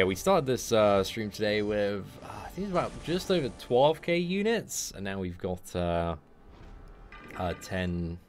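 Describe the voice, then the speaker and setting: Guy live streaming a phone game, talks slow but his pitch jumps all over, swears a lot when it goes wrong, faint music behind. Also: creaky. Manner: swears and erupts in frustrated outbursts; chats to his viewers between fights. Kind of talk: live gameplay commentary.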